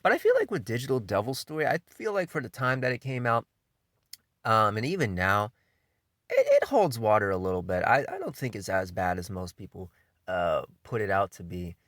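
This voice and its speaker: A man with a lowish voice talks through an anime countdown as casual spoken commentary. He sounds laid-back and enthusiastic, swears freely, and leans on fillers like um and you know. The sound is dry and close, with no room echo. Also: big pitch swings, normal speed, fairly bright tone. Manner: loose delivery full of fillers like um and you know. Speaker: anime reviewer hosting a countdown list.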